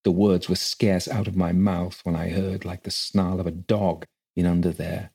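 Guy reading a scared guilty son, low husky voice, pleading. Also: flat delivery, normal speed, warm tone, full character voice. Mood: fearful. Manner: fearful, pleading. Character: frightened grown son, guilty and desperate.

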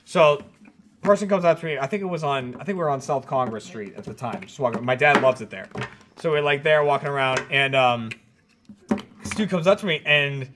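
A man's voice: medium pitch, a little fast, noisy background. A man co-hosting a podcast, telling a rambling story in casual chat and laughing along. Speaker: podcast co-host.

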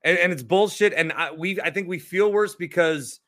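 Sports talk host, man, bright and slightly high voice, indignant profane rant, sarcastic. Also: moderate pace.

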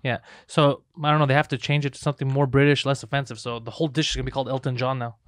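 A man's voice: mid-range voice, flat delivery, rapid-fire, no room sound, clean studio sound. A man in crude casual podcast banter, joking and mocking, often laughing. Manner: crude, joking, mocking, bursts into silly accents.

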